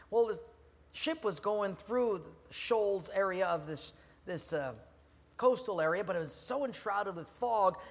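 A male preacher giving an animated sermon that swings from loud to hushed. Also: high voice. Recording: long reverb in a hall, faint ambience.

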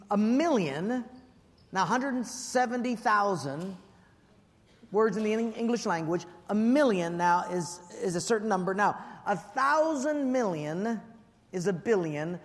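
A man preaching a sermon as pastor, telling stories with lively acted-out voices and comic shouting. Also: high voice. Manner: animated storyteller, acts out voices and shouts for comic effect. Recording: long reverb of a large hall.

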